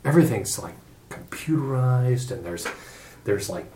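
A man's voice: medium pitch, expressive, normal speed, mellow. Rambling middle-aged man, echoey room. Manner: rambling, profane, loose storytelling. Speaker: podcast regular. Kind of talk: casual chat. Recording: echoey room with faint noise.

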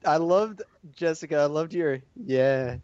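A man's voice: on the high side, a little slow, a little mellow, smooth, dry recording. A man co-hosting a casual podcast chat who drops joking interjections. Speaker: podcast co-host. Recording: dry dull lo-fi sound.

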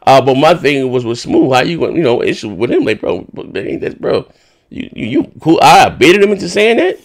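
A man hosting a podcast in casual chat, rambling and swearing as he retells a dispute with animated indignation. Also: mid-range voice, fairly quick. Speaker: podcast host.

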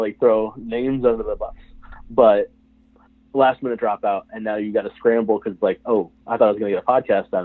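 A man's voice: on the low side, dry recording. Rambling man on a tinny phone line. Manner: rambling, filler-heavy, chuckling. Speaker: guest, longtime listener. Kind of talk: casual chat.

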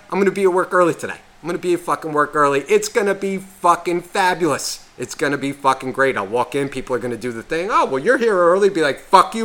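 A man's voice: medium pitch, pushed and bright. A man co-hosting a podcast, telling a rambling story in casual chat full of swearing. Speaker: podcast co-host.

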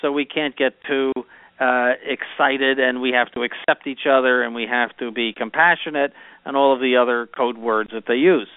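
Bishop with a tinny, dry sound. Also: male voice, mid-range voice, steady tone, smooth, no room sound. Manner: measured, explanatory, doctrinal. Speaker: bishop and co-host. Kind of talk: conversational religious commentary.

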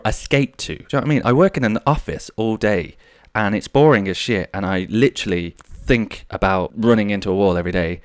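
Low-voiced man rambling through a story. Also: no echo, studio quality. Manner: rambling, animated, swears freely. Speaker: podcast host. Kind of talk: casual solo storytelling monologue.

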